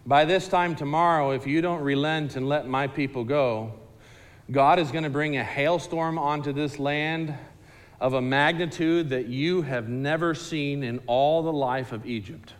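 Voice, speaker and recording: A man's voice: on the high side, measured pace, in a large hall, natural voice. A man voicing a firm, plain-spoken prophet who delivers warnings, close to his own voice.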